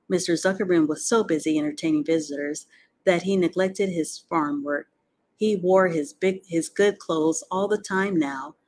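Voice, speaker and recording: Low-voiced woman reading a storybook. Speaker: audiobook reader. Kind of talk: storybook narration.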